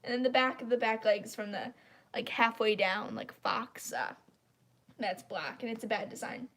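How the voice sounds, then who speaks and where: A woman's voice: a little high, steady tone, normal speed, vocal fry, a bit bright. Blunt congested woman ranting on stream. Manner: blunt, opinionated, rambling. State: congested, stuffy throat. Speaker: live stream host. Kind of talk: casual live-stream rant.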